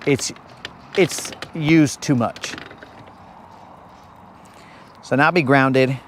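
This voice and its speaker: A man's voice: medium pitch, fairly even intonation, very slow, a bit bright, a little hiss or hum. A man hosting a live fishing stream, chatting casually and teasing his viewers in a playful, rambling way. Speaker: fishing livestream host. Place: outdoors on a lake.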